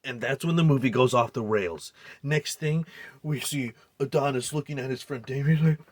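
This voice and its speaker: On a dry recording, a male movie reviewer with a mid-range, slightly mellow voice recaps and reviews a film at a moderate pace. His take is heated, incredulous, and laced with profanity, rambling along with restarts and fillers.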